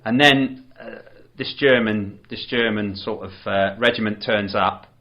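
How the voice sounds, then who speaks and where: A man's voice: lowish voice, measured pace. A man co-hosting a podcast, chatting casually about a film, rambling with many restarts. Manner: rambling, full of restarts and "you know". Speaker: podcast co-host. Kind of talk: casual chat reviewing a film. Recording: dull lo-fi podcast audio.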